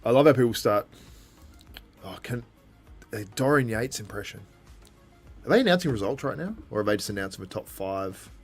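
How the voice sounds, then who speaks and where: A man casually commenting on a live event for his stream, chatty and quick to restart his sentences. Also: on the low side, expressive, husky, faint music behind. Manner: chatty, with frequent restarts and laughter. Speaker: livestream host.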